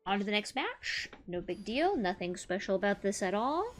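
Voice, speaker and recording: A woman streamer casually comments on her own card game, talking to herself and swinging from low mutters to excited squeals. She moves at a moderate pace with hardly any pauses.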